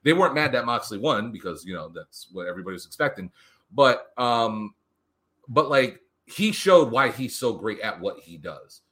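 A man casually recapping a wrestling show on a podcast, animated and profane, acting out what the wrestlers said. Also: lowish voice, moderate pace. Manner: animated, profane, acts out quotes. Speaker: podcast co-host.

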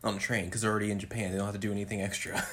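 A woman's voice: extremely low pitch, level tone, fairly bright tone. A woman co-hosting a podcast, casually recapping an anime episode and playfully acting out characters. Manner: playful, acts out characters in quick bursts. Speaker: podcast co-host.

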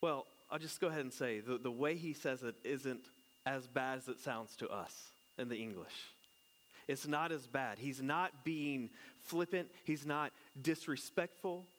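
A pastor, married with children, preaches in a mid-range, fairly bright voice at a slightly slow pace. His sermon is easygoing and conversational, sprinkled with jokes and questions for the congregation.

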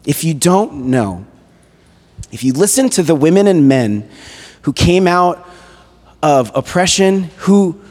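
Male guest preacher, casual storytelling sermon, raised pitch, long hall echo. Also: slow, pauses often. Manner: conversational, animated retelling with casual fillers. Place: church hall. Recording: echoey hall reverb.

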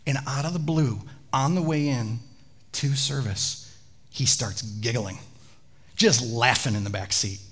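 A man, a pastor, preaching a sermon with animated storytelling and chatty asides to the congregation. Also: medium pitch, a little slow.

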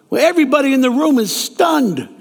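A man's voice: very high-pitched, very animated, normal speed. A man preaching a sermon, telling a story and acting out the characters' lines in raised voices. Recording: long reverb of a large hall.

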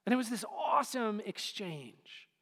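A man preaching a sermon to a congregation in a relaxed, conversational way, full of fillers. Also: sits high, a little slow, husky. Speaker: pastor. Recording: hall reverb.

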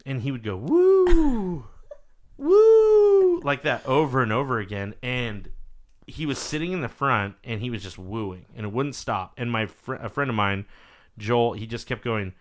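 Hombre animado que cuenta anécdotas. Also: male voice, medium pitch, normal speed. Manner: animated storyteller, swears freely, acts out quotes. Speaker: podcast host. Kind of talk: casual chat.

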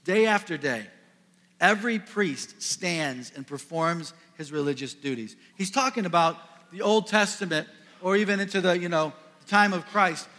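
A pastor from the Midwest preaching a sermon to a congregation, earnest, building to emphatic peaks and dropping soft. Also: male voice, high voice, expressive, moderate pace. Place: church sanctuary. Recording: long reverb of a large hall.

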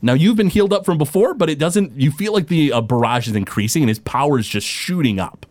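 A man running a tabletop game as game master, animated and halting with frequent restarts. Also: a little high, dry recording.

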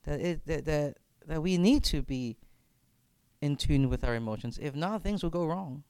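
A man's voice: a little high, moderate pace, a little mellow, clean tone, dry recording. A man leading a reflective faith discussion as campus minister, speaking earnestly and often repeating words as he thinks aloud.

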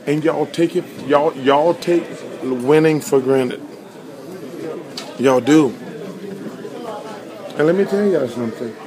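A man's voice: a little high, slow pace, pauses often. Brash man in a crowd. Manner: brash, teasing, loud. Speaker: interviewed fan. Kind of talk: street interview clip. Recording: played clip with crowd noise.

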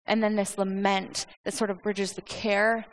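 A woman giving an informal sermon in a lively, conversational way. She often restarts and repeats words. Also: mid-range voice, a little slow, poor audio. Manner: animated, conversational, acts out quoted speech. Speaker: preacher.

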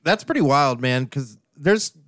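A man's voice: mid-range voice, lively intonation, unhurried, a bit bright, no echo, clean studio sound. A man co-hosting a casual podcast, joking, rambling and laughing often. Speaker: podcast co-host. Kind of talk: casual banter.

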